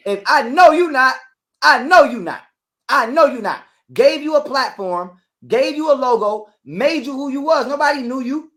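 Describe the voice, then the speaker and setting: A man, ranting in a heated interview, profane and repetitive, acting out quotes loudly. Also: high voice. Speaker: guest telling his side of a breakup.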